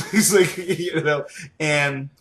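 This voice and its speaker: A man's voice: a little high, very slow, a bit bright. A young man hosting a casual gaming podcast, joking and laughing often. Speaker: podcast host.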